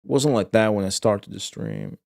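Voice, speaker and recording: A man's voice: fairly low pitch, wildly swooping pitch, normal speed, vocal fry, darkish tone. A young man streaming a retro game, chatting casually and profanely with his viewers and answering their messages. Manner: profane, offhand, answers chat. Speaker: streamer playing retro games. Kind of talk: casual live-stream chat.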